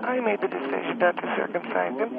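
A man voicing a rambling, motherly older woman calling in, who speaks in a gentle, halting way. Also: sits high, creaky. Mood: soothing. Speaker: caller. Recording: tinny phone line with loud background noise.

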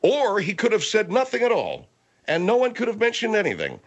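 A man's voice: sits high, huge pitch swings. A man hosting a comedy radio show, exasperated and bossy with his guests. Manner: exasperated, bossy, quick to laugh.

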